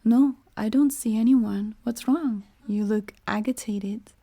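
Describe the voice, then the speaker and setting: A woman voicing a calm young woman, the bride's sister, in a hushed, matter-of-fact way. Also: a little high, slow, vocal fry, full character voice.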